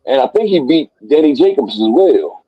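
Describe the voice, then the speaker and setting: A man hosting a casual boxing talk stream, profane and excitable as he rattles off dream fights. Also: medium pitch, moderate pace, no echo, muffled recording. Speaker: boxing talk show host. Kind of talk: casual live stream banter.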